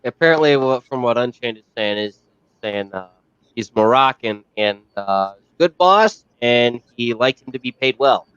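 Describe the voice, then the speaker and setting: German guy chilling on a stream, smooth voice but dull audio. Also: medium pitch, expressive, moderate pace, a bit bright, dry recording. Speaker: stream guest. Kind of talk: casual chat.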